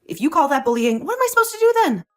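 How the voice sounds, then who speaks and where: A woman's voice: high voice, sing-song, racing. A woman voicing a young wife who defends herself, defiant and sarcastic toward her husband, in a voiced drama story. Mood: indignant. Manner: indignant, sarcastic.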